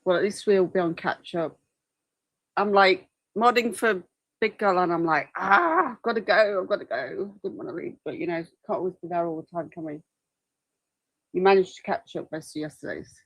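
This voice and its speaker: A woman's voice: lowish voice, normal speed, rough recording. A woman hosting a livestream, chatting casually in a rambling way with apologetic asides. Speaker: livestream host commenting on a trial. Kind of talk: casual chat.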